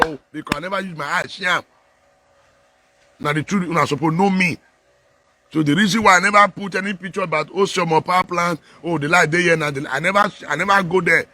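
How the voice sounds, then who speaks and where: A man speaking Nigerian Pidgin mixed with English in a loose, animated live chat about politics, laughing often and preaching a little. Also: high-pitched, dry recording. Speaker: political commentator.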